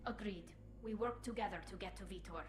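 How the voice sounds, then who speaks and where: A woman's voice: mid-range voice, brisk, reverberant, close to an everyday voice. An actress voicing a commanding adult woman who leads a squad and gives firm, curt orders, heard as game audio. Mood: resolute. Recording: game audio under steady ambient noise.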